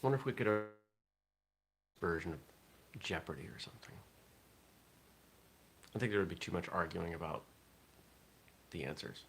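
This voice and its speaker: A man's voice: sits low, expressive, moderate pace, creaky, long pauses, slight background noise. A man hosting a casual morning vlog, rambling and thinking aloud with fillers. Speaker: vlog host.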